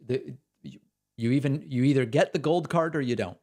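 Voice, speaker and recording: A man hosts a political commentary show, reacting to clips with dry sarcasm. His voice sits at an ordinary middle pitch and his delivery is casual and mocking. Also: moderate pace, darkish tone. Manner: sardonic, mocking.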